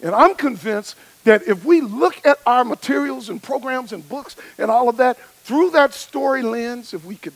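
High, gravelly preacher man. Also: animated, normal speed, hardly any pauses, no echo, poor audio. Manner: emphatic, rhythmic repetition. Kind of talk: sermon.

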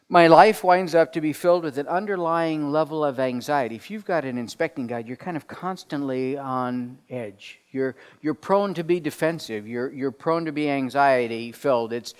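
A man delivering a sermon as pastor, telling stories with lively put-on voices and dropping to quiet asides. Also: medium pitch. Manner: animated storytelling, drops to quiet asides. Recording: long reverb of a large hall.

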